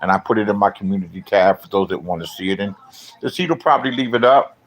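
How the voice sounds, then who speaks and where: A man's voice: lowish voice, quick pace, low-quality recording. Profane rambling middle-aged man. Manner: profane, rambling, swings into loud rants. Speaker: vlogger. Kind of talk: casual livestream commentary.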